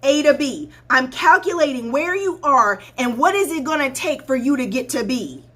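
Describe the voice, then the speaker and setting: A woman's voice: high-pitched, animated, normal speed, sharp tone. A woman life coach hosting her own show, talking straight to viewers in a blunt, preachy way and repeating points for emphasis. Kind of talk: livestream talk to viewers.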